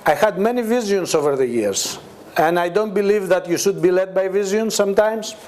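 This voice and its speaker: High-voiced man preaching with laughter. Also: moderate pace. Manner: laughing, animated storytelling, acts out voices in quotes. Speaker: guest preacher. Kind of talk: conversational testimony sermon. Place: church meeting with a responding congregation.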